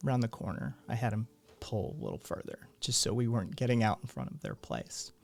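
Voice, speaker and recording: A man voicing a calm, steady male crew leader who gives quiet, reassuring instructions. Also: on the low side, fairly quick, gravelly.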